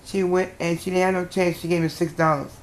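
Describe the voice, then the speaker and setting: An older woman telling a personal story as a guest, in a lively storytelling manner with a dialect grammar. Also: fairly low pitch, brisk, reverberant, slight background noise.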